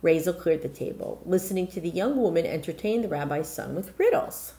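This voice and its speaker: Lively woman reading a picture book. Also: lowish voice. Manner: lively, pausing to explain words to listeners. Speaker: storyteller.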